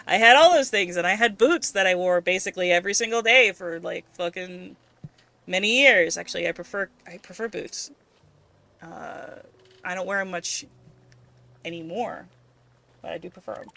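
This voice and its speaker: A woman's voice: fairly low pitch, normal speed, creaky, sharp tone, dry recording. Giggly, chatty woman streamer. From United States. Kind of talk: casual gameplay chat. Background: faint game music.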